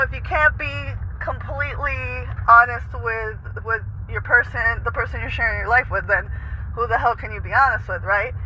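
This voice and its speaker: A man's voice: extremely high pitch, bright, forceful tone. A man talking casually while driving his car, chatty, sprinkling in Spanish words and swearing freely. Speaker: artist vlogger. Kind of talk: casual monologue to camera. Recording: slightly muffled with faint road noise.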